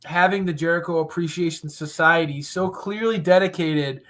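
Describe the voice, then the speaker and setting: A man's voice: on the high side, moderate pace, fairly bright tone. A man co-hosting a wrestling recap show in casual chat, talking enthusiastically and rambling with frequent restarts.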